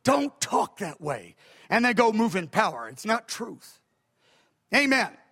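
High, bright-voiced older male preacher. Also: measured pace. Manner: animated storytelling, emphatic. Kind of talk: sermon. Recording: echoey hall.

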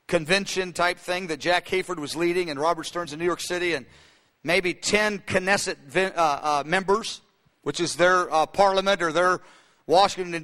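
A man's voice: high voice, pushed and bright. A man preaching a sermon, telling a story with many fillers and restarts. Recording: long hall reverb.

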